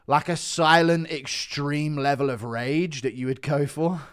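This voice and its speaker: A man's voice: on the high side, fairly even intonation, measured pace, clean tone. A man hosting a live stream, rambling in casual chat and mocking himself while swearing freely. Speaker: streamer host.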